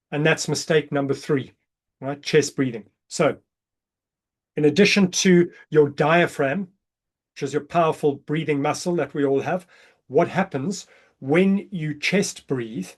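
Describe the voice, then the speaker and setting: A man with a slightly high voice coaches a breathing class over a video call. He explains each exercise plainly. Then he counts the breaths softly and slowly. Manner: calm counting, drops soft and low during counts. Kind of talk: guided breathing workshop.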